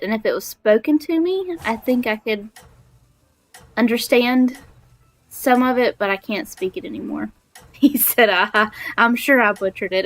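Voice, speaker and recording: A young woman from Alabama with a Southern accent, chatting in a bubbly, giggly way while she streams a game. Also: on the high side. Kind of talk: casual gaming livestream chat.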